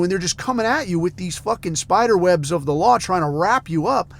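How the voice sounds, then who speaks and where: A man from the United States, hosting a podcast and ranting in a heated, profane, sarcastic way. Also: sits high. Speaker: podcast host.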